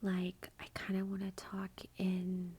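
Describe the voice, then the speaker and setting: A woman hosting an ASMR channel, chatting in a soft whisper about her gifts while feeling unwell, with a self-deprecating touch. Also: lowish voice, completely flat delivery, slow, slightly rough. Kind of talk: whispered ASMR haul commentary.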